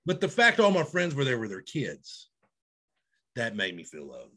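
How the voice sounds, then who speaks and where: A man, co-hosting a podcast in casual chat, animated and self-mocking. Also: medium pitch, normal speed. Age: 30s. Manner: animated, loud, self-mocking, laughs often. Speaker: podcast co-host.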